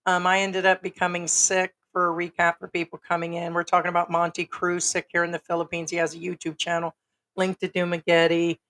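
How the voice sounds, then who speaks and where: A middle-aged woman from the United States, hoarse and raspy from being sick, hosting a casual livestream chat in a frank, rambling way. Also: on the low side, completely flat delivery, brisk, a bit bright. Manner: rambling, frank, with many ums. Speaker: livestream host.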